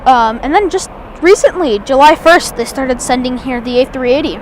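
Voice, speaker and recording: A woman's voice: sits high, lively intonation, moderate pace, slight background noise. A woman outdoors at an airport giving chatty, enthusiastic live plane-spotting commentary, rambling with restarts.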